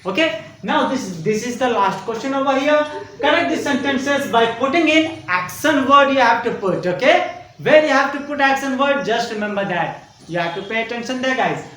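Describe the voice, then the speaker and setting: High-voiced man teaching, echoey room. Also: expressive, fairly bright tone, far from the mic, a little hiss or hum. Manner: slow and repetitive, spells words out letter by letter, keeps asking "okay?". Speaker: school teacher. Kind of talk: online grammar lesson for young children. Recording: very echoey room, voice away from the mic.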